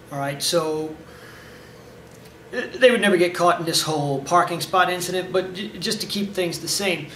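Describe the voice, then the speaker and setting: A man's voice: high voice, fairly bright tone, a little hiss or hum. A man, a karate instructor, giving casual instructional talk in a direct coaching manner, often checking in with "okay?". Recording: echoey room, mic at a distance.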